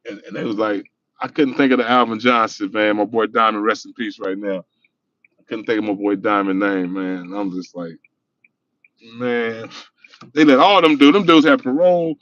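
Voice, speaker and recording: A man's voice: on the low side, normal speed, fairly bright tone, no room sound, highs cut off. A middle-aged man livestreaming from his car, telling loose, profane stories and laughing as he talks. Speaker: livestream host. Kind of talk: casual storytelling livestream. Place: in a car while driving.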